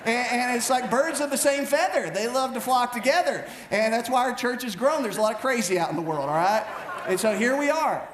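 A man preaching a storytelling sermon as pastor, animated and self-mocking, with many quick restarts. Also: very high voice. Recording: echoey room with faint background noise.

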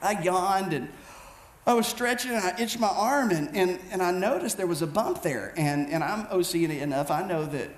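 A man preaching a storytelling sermon as pastor, animated and self-mocking, with many quick restarts. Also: sits high. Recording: echoey room with faint background noise.

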